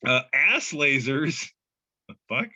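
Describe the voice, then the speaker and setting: A man's voice: mid-range voice, sing-song, slow, bright, forceful tone, husky, dry recording, muffled recording. A man co-hosting a casual podcast, reading memes aloud with loose, profane humor and frequent laughter. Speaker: podcast co-host.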